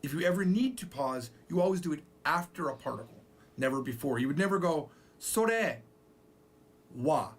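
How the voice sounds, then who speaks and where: A man teaching a recorded language lesson, explaining patiently and slowly repeating example phrases. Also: fairly high pitch, expressive.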